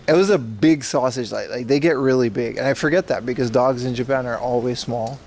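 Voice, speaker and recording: A man's voice: mid-range voice, normal speed, long pauses, a little mellow, slight background noise. Joking man streaming from the street. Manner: joking, answers chat questions aloud. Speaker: livestream host. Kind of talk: casual IRL livestream chat. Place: outdoors on city streets.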